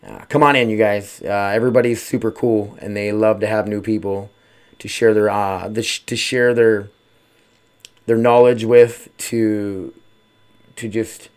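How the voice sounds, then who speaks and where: Alone at home for his casual podcast, a man rambles and swears, dropping "uh" fillers often. His voice is on the low side, clear and resonant, delivered flatly and a little slowly.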